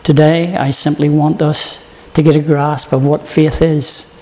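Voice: medium pitch, little pitch movement, unhurried, long reverb tail. A preacher opening with prayer, then delivering an earnest morning sermon with stories.

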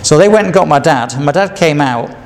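Gravelly older man telling his testimony. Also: fairly high pitch, animated, a little fast. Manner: rambling, repeats himself, chuckles between stories. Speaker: speaker sharing his testimony. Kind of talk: personal testimony storytelling.

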